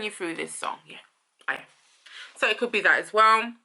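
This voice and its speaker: A woman's voice: lowish voice, fairly quick, sharp tone. A woman hosting a casual song commentary, thinking aloud, rephrasing and trailing off as she muses. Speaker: host.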